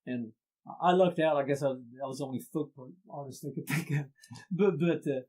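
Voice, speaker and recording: Husky voice, fairly high for a man, Appalachian accent, animated storyteller, middle-aged. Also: brisk, poor audio. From Appalachian Ohio. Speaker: folk musician guest. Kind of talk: casual storytelling chat.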